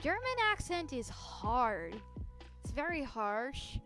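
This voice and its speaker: A woman streaming a game live, excitable and giggly as she chats with viewers. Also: fairly high pitch, slow pace, music in the background. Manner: excitable and giggly, talks to chat. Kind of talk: casual live-stream gaming chat.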